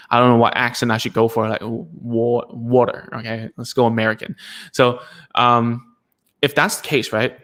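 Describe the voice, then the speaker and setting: A young man explains child speech to parents in a loose, chatty teaching style. He restarts sentences, leans on fillers and says sample words aloud to show how they sound. His voice sits at an ordinary middle pitch. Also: a bit bright. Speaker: speech coach. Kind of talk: casual explanatory lesson.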